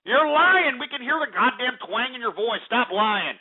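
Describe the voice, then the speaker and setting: A man's voice: very high-pitched, animated, moderate pace. A man from Texas hosting call-in talk radio, brash, mocking and profane. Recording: tinny phone-like line.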